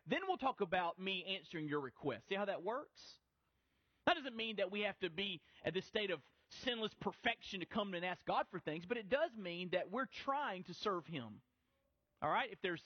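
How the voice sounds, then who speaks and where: A man's voice: high voice, no room sound, muffled recording. A middle-aged male pastor preaching a sermon in a conversational, easygoing way, often restarting his phrases.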